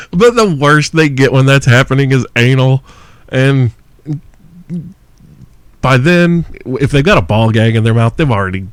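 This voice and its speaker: A man hosts a crude listener question podcast, mocking and swearing through loud rants and bursts of laughter. His voice sits at an ordinary middle pitch. The recording is close and dry, with no room echo. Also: smooth. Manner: profane, brash, mocking rants with frequent laughs. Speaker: podcast host.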